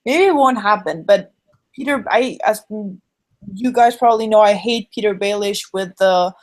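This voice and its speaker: A woman's voice: mid-range voice, moderate pace. A woman on a podcast panel, speaking in an emphatic, outspoken way. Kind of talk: casual podcast discussion.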